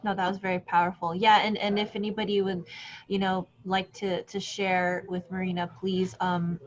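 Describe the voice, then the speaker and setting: A woman's voice: mid-range voice, flat delivery, moderate pace, a little hiss or hum. A woman hosts a video call and encourages people to share. Her call audio sounds dull and lo-fi. Her voice sits mid-range. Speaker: host.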